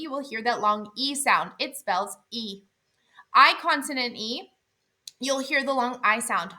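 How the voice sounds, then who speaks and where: Woman, phonics teacher, bright voice, slightly high, deliberate, sounds out letters. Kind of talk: instructional explanation.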